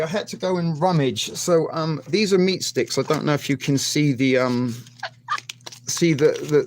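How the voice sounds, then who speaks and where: A man's voice: medium pitch, a little hiss or hum. A man hosting a casual video-call chat, rambling with cheeky innuendo and lots of filler words. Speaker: host.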